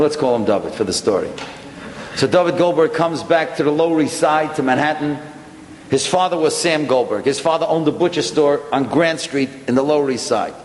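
A man, a rabbi, telling a story aloud and acting out each person's lines. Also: medium pitch. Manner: animated, acts out dialogue. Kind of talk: storytelling talk. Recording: echoey hall with faint noise.

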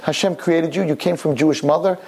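Older male rabbi, husky and a touch high-pitched, animated storyteller for a sermon. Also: a little fast. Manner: animated, jumps into high excited voices.

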